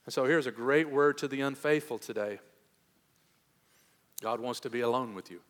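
A man preaching a sermon as pastor, earnest, moving between hushed tender passages and raised emphatic ones. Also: mid-range voice, moderate pace. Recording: long hall reverb.

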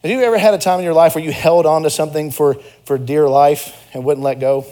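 In a church sanctuary, a young male pastor preaches a sermon in a fairly high, warm voice with fairly even intonation and a quick pace. He's conversational and earnest, blending personal stories with emphatic exhortations.

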